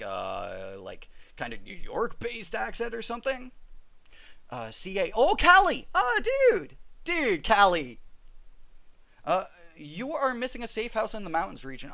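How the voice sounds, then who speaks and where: A man's voice: fairly high pitch, creaky, a bit bright. A man live-streaming a game, chatting with his viewers, reading their comments aloud and often laughing.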